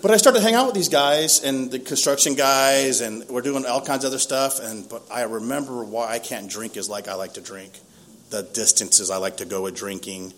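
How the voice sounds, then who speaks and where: Laughing often and mocking himself, a fifty-something man from East County, San Diego, relates a first-person story in a relaxed way. He speaks at a moderate pace with a mid-range voice.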